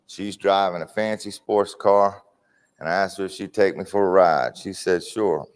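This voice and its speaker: A man's voice: deep voice, steady tone, normal speed, clean tone. A middle-aged man giving a candid recovery testimony, repeating phrases for emphasis as he tells his story. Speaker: recovery speaker. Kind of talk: personal testimony talk. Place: correctional facility hall.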